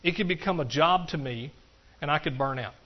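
A middle-aged man preaches in a folksy, animated way, talking straight to his congregation between points. His voice sits a little higher than most men's. The recording is slightly dull and lo-fi. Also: brisk. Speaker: pastor. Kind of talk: sermon.

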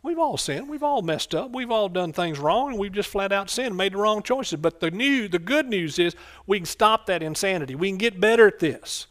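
A middle-aged man preaching a fervent sermon, calling out for amens and swinging between soft asides and loud bursts. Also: sits high, lively intonation, normal speed, hardly any pauses.

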